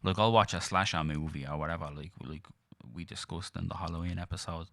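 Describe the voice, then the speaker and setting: A man's voice: low voice, fairly even intonation, quick pace, bright, forceful tone, no echo, studio quality. A man co-hosting a podcast, chatting casually with crude jokes and lots of swearing. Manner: crude, jokey banter with heavy swearing. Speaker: podcast co-host. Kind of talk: casual chat.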